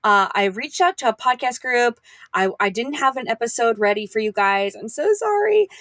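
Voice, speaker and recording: A woman's voice: a little high, fairly bright tone, no room sound, studio quality. A woman hosting a podcast, bubbly and effusive, talking in a chatty, casual way with her guest. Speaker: podcast host. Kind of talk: casual interview chat.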